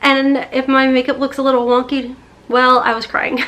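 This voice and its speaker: Casting note: excitable high-pitched woman vlogger, 30s, rambling and gushing. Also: moderate pace. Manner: bubbly, rambling, baby talk to her cat. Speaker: beauty vlogger. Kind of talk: chatty unboxing vlog.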